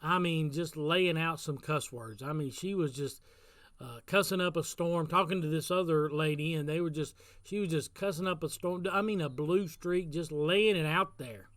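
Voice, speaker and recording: A man's voice: a little high, moderate pace, a bit bright, no echo. A man giving a casual devotional talk as pastor, telling a story in an earnest way and repeating phrases for emphasis.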